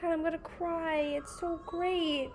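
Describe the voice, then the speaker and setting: Gushing high-voiced young woman. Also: level tone, a little slow, slight background noise. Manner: gushing, effusive, exclamatory. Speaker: knitting podcast host. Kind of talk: excited casual vlog chat.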